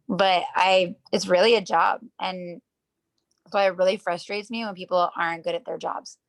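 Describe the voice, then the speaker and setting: A woman with a lowish, fairly even voice speaks unhurriedly and pauses often. A professional dancer, she's a casual interview guest on a video call, rambling through her stories, using "like" heavily and acting out what people said.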